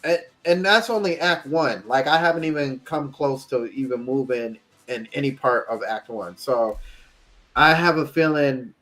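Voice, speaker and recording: This co-host of a laid-back podcast has a mid-range voice and talks at normal speed. In casual chat he relates a long story about a game, acting out quotes with flair and laughing frequently.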